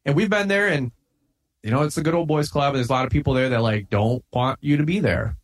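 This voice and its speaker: A man's voice: medium pitch, quick pace. A middle-aged man speaks in a casual podcast chat, intense and fired up. He leans on "like" and "man" and drives his points home bluntly. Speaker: podcast guest, lawn care business owner.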